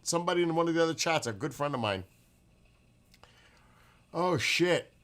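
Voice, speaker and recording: Hosting a casual nighttime livestream from his backyard, a man with a slightly high voice speaks unhurriedly. He's excitable, often exclaiming and laughing as he reads the chat.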